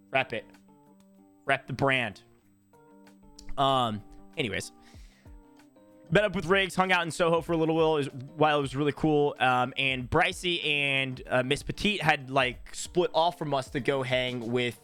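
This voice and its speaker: A young man from Tennessee casually telling a long story to his channel, acting out what people said. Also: mid-range voice. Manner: animated, acts out quoted voices. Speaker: YouTuber.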